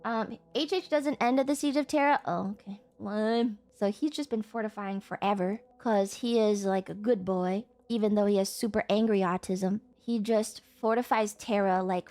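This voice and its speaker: A woman's voice: medium pitch, steady tone, measured pace, hardly any pauses, darkish tone. A young woman streaming in casual chat, swearing freely and breaking into exasperated outbursts at her chat.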